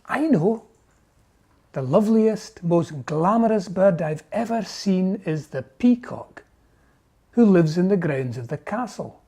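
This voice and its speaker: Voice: mid-range voice, lively intonation, takes it slowly, mellow, breathy edge, exaggerated voice. A reader doing a moaning little owl. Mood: hopeful. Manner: whiny, moaning, pleading. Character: miserable little male owl, self-pitying. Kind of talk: storybook reading.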